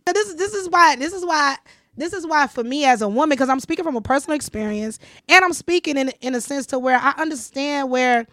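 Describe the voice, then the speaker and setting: Woman, high voice, dry close sound, podcast host, casual animated storytelling. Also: brisk, no echo. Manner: animated storytelling, acts out quoted lines. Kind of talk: casual chat.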